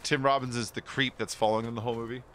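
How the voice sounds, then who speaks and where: A man's voice: mid-range voice, steady tone, rapid-fire, very noisy. A man chatting casually while streaming a game, rambling through movie stories and laughing often. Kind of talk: casual gaming stream chat.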